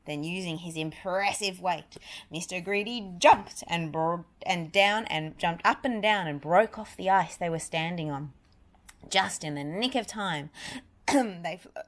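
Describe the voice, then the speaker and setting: Lady reading a kids' book out loud, lowish voice, chats to the little one between pages. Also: a little slow. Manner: lively, chatty asides to a listening child. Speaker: storybook reader. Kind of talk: reading a picture book aloud to a child.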